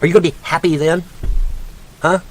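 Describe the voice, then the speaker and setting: Talking a little fast with fairly even intonation, a man with a fairly high pitch vents as an online commentator. He rants angrily and profanely, mocking and lecturing in the style of a sarcastic teacher while shouting insults at a specific woman by name.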